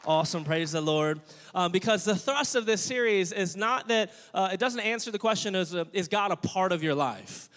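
A man preaching a sermon as pastor, energetic and joking, calling on the congregation to respond. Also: high voice, normal speed. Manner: jokey, playful asides. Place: church sanctuary. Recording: long church-hall reverb.

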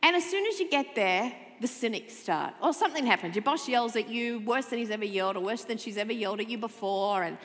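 A woman pastor delivers a sermon in a church sanctuary, her voice sitting a little high. She swings from loud, emphatic lines to hushed, tender ones. The sound carries a long hall reverb. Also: fast talker, few pauses. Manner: expressive, shifts from loud emphasis to soft intimate tones.

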